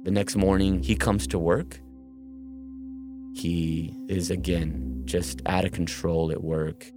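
Low-voiced guy telling his own story, kinda halting, music playing under him. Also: level tone. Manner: earnest, halting retelling with restarts. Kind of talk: personal story narration.

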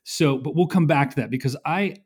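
A man's voice: a little high, fairly quick, a little mellow, breathy edge. A man hosting an interview, asking prompting questions in a casual, conversational way. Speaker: interviewer, host.

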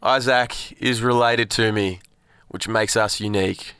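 A young Australian man co-hosting a radio show, trading quick quips in casual banter. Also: lowish voice, steady tone, a bit bright, clear, resonant tone, dry recording, clean studio sound. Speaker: radio co-host. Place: radio studio.

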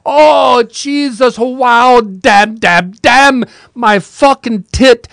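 A man putting on a furious foreign man shouting curses while in pain. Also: extremely high pitch, extremely slow, creaky, dry recording, clean studio sound, pitched above the performer's own voice, full character voice. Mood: pained cursing. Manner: shouting strings of obscenities.

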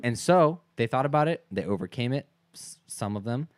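A man with a mid-range voice and lively intonation co-hosts a casual podcast at a moderate pace. He often hesitates, repeating words and using fillers as he chats. The sound is clean studio audio with no room sound.

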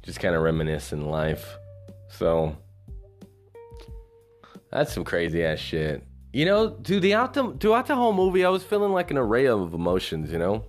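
A man's voice: lowish voice, wildly swooping pitch, moderate pace, faint music behind. A man talking casually about a movie in a rambling monologue, swearing freely and filling gaps with "you know" and "like". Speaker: movie reviewer.

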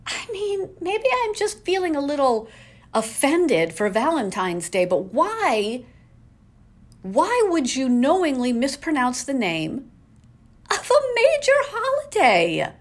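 A woman podcasting from her home, ranting with exasperated rhetorical questions. Her fairly high voice swings widely in pitch, and she talks at an unhurried pace. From New England. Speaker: podcast host. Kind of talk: casual solo podcast rant.

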